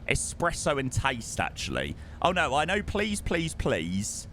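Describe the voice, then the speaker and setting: A man's voice: mid-range voice, wildly swooping pitch, a little slow, a bit bright, slight background noise. A young man streaming a flight sim, chatting casually with his chat and calling people mate, his voice strained because he is losing it.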